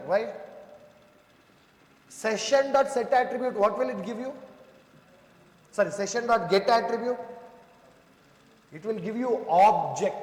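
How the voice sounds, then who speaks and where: Brief: high-pitched man teaching coding live, keeps checking if students follow, reverberant classroom sound. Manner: talks students through code step by step, asking checking questions; addresses students as "sir" and "boss". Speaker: programming instructor. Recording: echoey room with long reverb.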